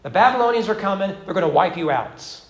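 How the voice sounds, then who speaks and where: A man's voice: high-pitched, lively intonation, fast talker. Man preaching in an echoey church. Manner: preaching with emphatic rhetorical questions. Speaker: pastor. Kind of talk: sermon. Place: church sanctuary.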